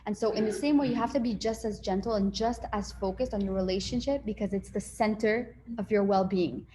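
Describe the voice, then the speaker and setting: A woman's voice: mid-range voice, brisk, mellow, a little hiss or hum. Chatty woman giving relationship advice. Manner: conversational, acts out little dialogues, many fillers. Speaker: relationship coach. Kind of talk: casual advice talk.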